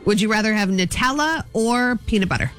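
Teasing radio co-host lady, mid-pitched, music playing under her. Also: animated, brisk, a bit bright. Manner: playful, teasing. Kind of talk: radio banter.

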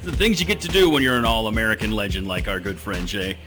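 Guy hosting sports radio live on location, animated up-and-down delivery, jokey, music going in the background. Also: fairly low pitch. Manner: joking, teasing and quick to apologize. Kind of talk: lively sports talk radio. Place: live remote broadcast at a venue, in the heat.

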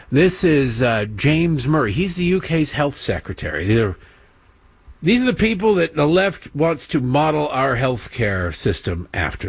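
A man's voice: on the high side, slightly rough, no echo. A man hosting a political talk show. He delivers a sarcastic, mocking monologue and keeps slipping into impressions.

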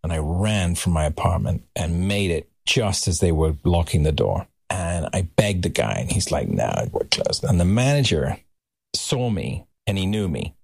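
A man telling a story as a podcast guest, animated and acting out voices. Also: low-pitched, normal speed, creaky, breathy edge, no echo. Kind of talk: anecdotal storytelling.

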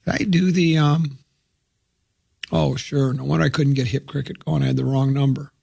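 A man's voice: mid-range voice, fairly even intonation, moderate pace, gravelly, darkish tone, breathy edge, no room sound. A man hosting sports talk radio, rambling and joking casually about games.

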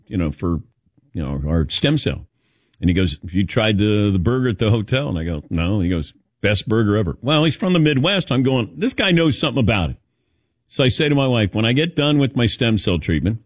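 A man hosting a radio talk show, telling a funny personal story with lots of life in his pitch. He slips into other people's voices as he quotes them. The sound is close and dry, like a studio mic. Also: dry recording. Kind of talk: casual storytelling chat.

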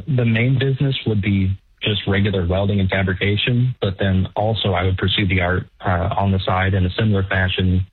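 A man calling into a radio show, sounding nervous and hesitant, with many pauses and fillers. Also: on the low side, husky, dry recording. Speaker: caller. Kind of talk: phone-in conversation. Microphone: telephone. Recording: dry tinny phone line.

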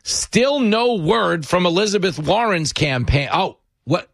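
A man's voice: high voice, animated, a little slow, gravelly, no room sound, clean studio sound. A man hosting a talk radio show, sarcastic and mocking as he banters with callers. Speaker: radio host.

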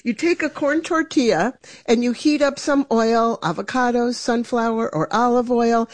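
A woman's voice: a little high, normal speed. Enthusiastic woman radio chef. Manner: enthusiastic, laughs easily. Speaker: resident chef. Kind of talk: radio cooking segment.

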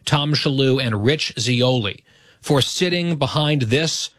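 Male radio host, mid-pitched, earnest and grateful, dry studio sound. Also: takes it slowly, a bit bright, dry recording. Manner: earnest, grateful, self-deprecating. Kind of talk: talk radio monologue. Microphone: studio microphone.

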